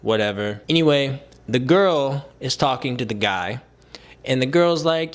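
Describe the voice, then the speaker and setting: A young vlogger rants casually to camera in a medium-pitched, expressive voice at a measured pace. Exasperated and sarcastic, he fills his talk with fillers and mimics the people he quotes.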